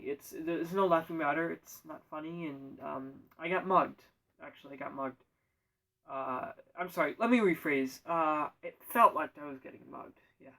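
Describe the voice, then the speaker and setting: A man spins a rambling comic monologue in a deadpan manner, tripping over his words and correcting himself. His voice sits fairly high for a man. He sounds distant from the microphone. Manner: deadpan, self-correcting, absurd asides. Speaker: storyteller.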